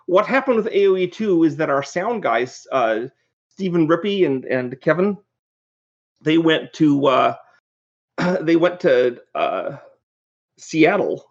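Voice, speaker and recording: A man's voice: a little high, slow pace, pauses often, highs cut off. A man, a game designer appearing as a podcast guest, telling rambling anecdotes and restarting his sentences as he goes. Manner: animated, rambling storyteller who restarts sentences. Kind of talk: casual anecdotal storytelling.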